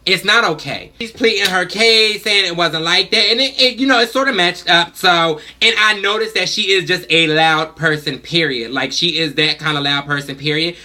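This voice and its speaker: A woman telling a story to the camera in a casual vlog, talking in an animated, blunt and emphatic way. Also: lowish voice, normal speed, hardly any pauses. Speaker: vlogger, mother.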